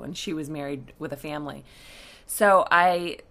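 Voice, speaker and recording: A woman's voice: sits low, normal speed, a bit bright. A woman, working as a coach, tells a candid personal story to her listeners, with fillers and restarts.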